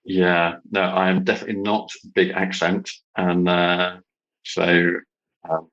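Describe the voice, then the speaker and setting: A man from Britain, a podcast guest, talking in a hesitant casual way with many pauses and restarts. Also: low voice, level tone, fairly bright tone, dull audio. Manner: hesitant, lots of ums and restarts. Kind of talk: casual chat.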